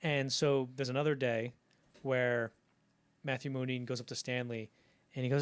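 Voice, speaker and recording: A man co-hosting a film podcast tells anecdotes in a loose, chatty way. He jumps into the quoted voices as he tells them, and his pitch sits in an ordinary middle range. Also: normal speed, long pauses, smooth. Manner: animated storytelling, acts out quoted lines. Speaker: podcast co-host. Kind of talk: casual film history chat.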